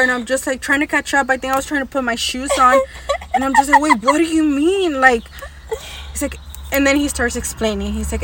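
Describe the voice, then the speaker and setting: Animated high-voiced woman, casual storytelling. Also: slight background noise. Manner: code-switching between English and Spanish, swearing freely; animated, laughing as she tells it. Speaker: podcast co-host.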